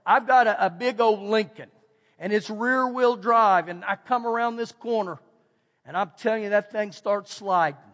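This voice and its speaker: A middle-aged man with a Texan accent, preaching a folksy, animated storytelling sermon and repeating phrases for emphasis. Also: high voice, normal speed. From Texas. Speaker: pastor. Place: church sanctuary. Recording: long hall reverb.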